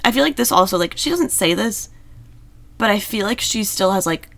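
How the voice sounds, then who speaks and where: A woman's voice: medium pitch, animated, normal speed, gravelly, a bit bright, no echo. A woman in casual podcast chat about a TV show, talking loosely with many fillers and frequent laughs. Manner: chatty, filler-heavy, laughs often. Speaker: podcast co-host.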